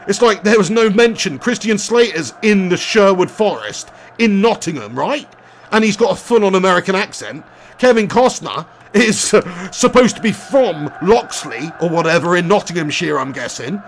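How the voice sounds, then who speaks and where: A young man talks casually through a live game stream. His voice sits fairly high, and he laughs often as he chats and reads out viewer messages. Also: lively intonation, moderate pace, a little hiss or hum. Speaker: gaming streamer.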